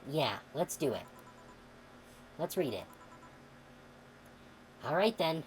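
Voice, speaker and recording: A woman streamer reading a game's dialogue aloud, expressive and sometimes heated. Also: sits low, slow pace, a little hiss or hum, low-quality recording. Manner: expressive, swings into heated outbursts when reading.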